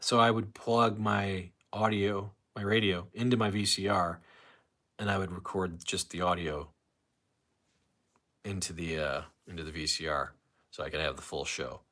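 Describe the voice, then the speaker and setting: A man's voice: sits low, steady tone, normal speed, bright, forceful tone. A man hosting a casual solo livestream, rambling and reading viewer comments aloud with frequent restarts. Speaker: livestream host.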